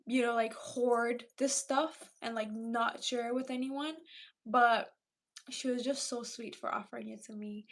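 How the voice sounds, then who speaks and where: Chatty high-voiced woman with a Romanian accent. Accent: Romanian, with Irish and London English. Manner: chatty, animated storytelling, fillers like "like". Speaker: livestream host reading chat. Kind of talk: casual chat with viewers.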